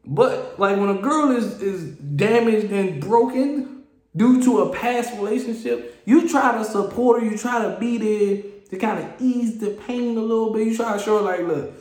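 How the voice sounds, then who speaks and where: A man hosting a solo podcast, ranting in an animated, exasperated way and often repeating and restarting his phrases. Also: high-pitched, moderate pace, reverberant. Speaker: podcast host. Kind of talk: casual solo podcast rant.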